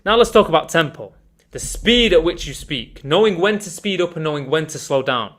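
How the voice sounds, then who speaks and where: A man teaching an online communication course in an energetic, emphatic way, calling his viewers guys. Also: a little high, brisk. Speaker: communication coach.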